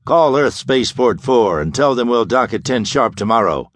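A man narrating an audiobook and voicing a stocky, gruff male first mate of a spaceliner who speaks in blunt, dismissive orders. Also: medium pitch, animated, moderate pace, dry recording, studio quality, lightly acted.

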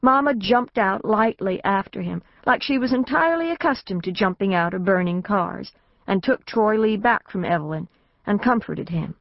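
A woman's voice: medium pitch, expressive, normal speed, vocal fry, no room sound. A woman narrating a novel in the first person, in a plain storytelling manner. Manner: plain storytelling, lifts her voice for the family's lines. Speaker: audiobook narrator. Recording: dry, slightly dull studio recording.

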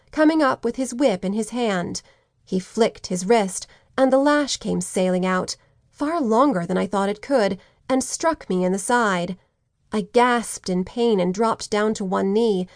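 A woman narrates a teen adventure audiobook in the first person with steady, clear storytelling. Her voice sits at a middle pitch. The recording is dry and close, made on a studio mic. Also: no echo.

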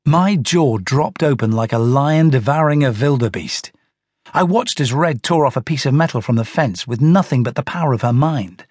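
A man narrating a children's audiobook in an animated storytelling manner. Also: medium pitch, moderate pace, slightly rough, no room sound, clean studio sound.

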